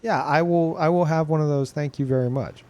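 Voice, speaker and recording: A man's voice: fairly high pitch, fairly quick, darkish tone, dull audio, a little hiss or hum. Rambling, profane male streamer. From Louisiana, US. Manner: rambling, profane, many restarts. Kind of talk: casual live-stream chat.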